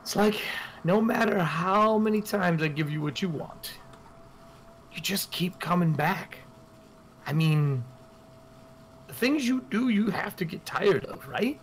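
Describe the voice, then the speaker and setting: A man's voice: high-pitched, expressive, measured pace, pauses often, a little hiss or hum, pitched above the performer's own voice. A man voicing a scarred older brothel madam who rambles in a brash, bawdy way. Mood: wheedling.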